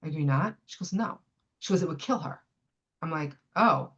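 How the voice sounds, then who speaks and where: A woman's voice: deep voice, moderate pace, slightly rough, muffled recording. Chatty woman in her fifties telling a story. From New York City. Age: 50s. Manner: lively, acts out dialogue with many "I go" and "she goes" quotes; chatty, with frequent fillers and restarts. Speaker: podcast guest. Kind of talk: personal storytelling in a podcast interview.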